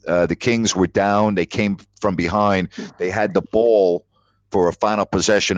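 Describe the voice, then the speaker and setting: A man's voice: sits low, no room sound. A man hosting a call-in sports talk show, telling stories with emphatic repetition. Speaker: sports radio host. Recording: dull lo-fi audio.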